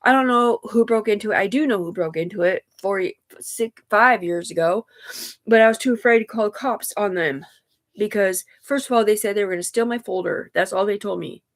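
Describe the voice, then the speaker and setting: A woman's voice: mid-range voice, brisk. A woman livestreaming, telling a personal story in a rambling, profane way that often turns emotional.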